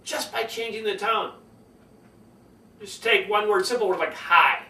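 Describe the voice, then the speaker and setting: A man coaching public speaking in a lively lesson, demonstrating different tones of voice as he explains. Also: high-pitched, measured pace, roomy sound, distant mic, rough recording. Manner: animated, demonstrates tones by acting them out.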